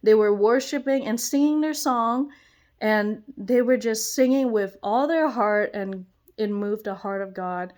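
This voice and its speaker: A young woman who teaches children at church gives an excited personal testimony, gushing and exclaiming and often bursting into laughter. Her voice is fairly high-pitched, and she keeps a measured pace.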